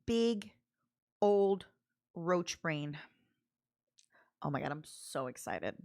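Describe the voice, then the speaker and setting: A woman's voice: lowish voice, lively intonation, drawn-out words, a little mellow. A woman streamer chatting casually with her viewers, reading their messages aloud and laughing often. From Canada. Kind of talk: casual livestream chat.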